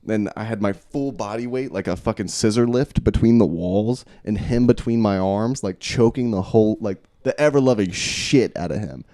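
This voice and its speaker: A man's voice: fairly low pitch, normal speed, hardly any pauses, dark tone, no room sound, studio quality. A young man co-hosting a podcast from a basement, telling rambling, profane stories in casual chat. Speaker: podcast co-host. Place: unfinished basement.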